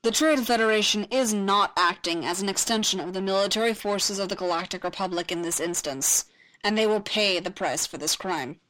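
A woman's voice: mid-range voice, a little fast, fairly bright tone, close to an everyday voice, low-quality recording. A woman voicing a stern, commanding male Jedi master who speaks formally and firmly. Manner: formal, firm.

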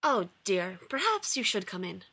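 A woman's voice: medium pitch, big pitch swings, moderate pace, sharp tone, slightly rough, exaggerated voice. A woman reading as a formal, courteous male scientist. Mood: polite, bemused. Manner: formal, stiff phrasing.

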